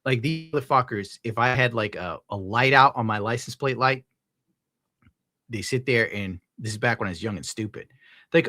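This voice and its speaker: A man's voice: mid-range voice, moderate pace, pushed and bright, no room sound, studio quality. A young man streaming live, reading out viewer tips and ranting casually with lots of swearing. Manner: profane, ranting, gets worked up. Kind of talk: casual livestream chat.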